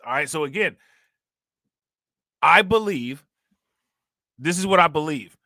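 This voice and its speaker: A man hosting a casual crypto livestream, chatting in relaxed slang, laughing often and thanking viewers for their comments. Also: on the high side, a little slow, long pauses, no echo, studio quality. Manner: laid-back slangy talk with frequent laughs. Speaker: crypto channel host.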